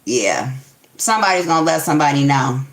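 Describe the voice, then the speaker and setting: A woman's voice: sits low, big pitch swings, a little fast, reverberant. A woman giving a tarot reading in a casual, blunt and profane way, acting out heated confrontations. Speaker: tarot reader.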